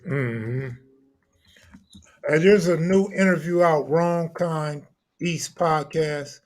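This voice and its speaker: A man hosting a live stream interview, laid-back and reading out viewer shout-outs. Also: a little high, slow pace. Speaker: host.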